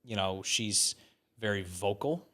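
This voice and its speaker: A man's voice: on the low side, unhurried, a bit bright. A man in his thirties, a podcast guest talking in a rambling, filler-heavy way with casual swearing.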